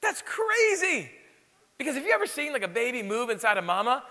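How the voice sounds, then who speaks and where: Animated pastor in a reverberant hall. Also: male voice, extremely high pitch, very fast. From Illinois. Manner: animated storytelling, lively exclamations. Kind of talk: sermon.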